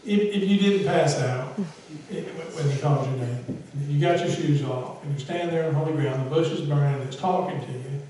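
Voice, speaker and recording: Male pastor, chatty sermon delivery with self-mocking humor; slightly high pitch, distant mic in a reverberant church. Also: a little fast, few pauses, slight background noise. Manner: conversational, self-deprecating humor, rises to loud emphasis. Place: church sanctuary.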